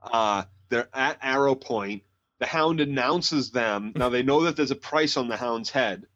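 A man with a mid-pitched voice co-hosts a casual podcast and lays out his opinions earnestly. His voice comes through dull and lo-fi, with the high end muffled. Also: a little slow, a bit bright. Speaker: podcast co-host. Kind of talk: casual chat. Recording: dull lo-fi sound.

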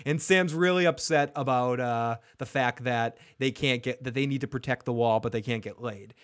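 A man's voice: medium pitch, moderate pace, smooth. A man hosting a podcast who recaps a TV episode in casual chat, acting out scenes and swearing freely. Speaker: podcast host.

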